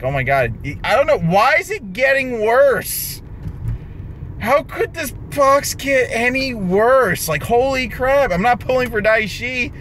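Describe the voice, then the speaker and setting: Exasperated high-voiced young man groaning. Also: fairly bright tone, a little hiss or hum. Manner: exasperated, groaning and complaining, sudden jumps in pitch. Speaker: mobile game unboxing creator. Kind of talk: frustrated gameplay commentary.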